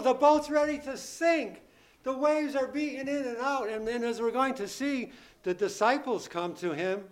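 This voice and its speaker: A man's voice: very high-pitched, moderate pace. A man preaching a sermon, emphatic and repetitive, asking the congregation questions and acting out the disciples' frightened pleas. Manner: emphatic, repeats key phrases, asks the congregation questions; acts out the disciples' panicked pleas in a raised voice.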